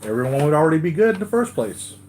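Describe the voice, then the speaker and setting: A man's voice: fairly high pitch, sing-song, fast, darkish tone, a little hiss or hum. A man hosting a live collectibles stream, chatting casually with viewers, tired after a sleepless night and rambling with many restarts.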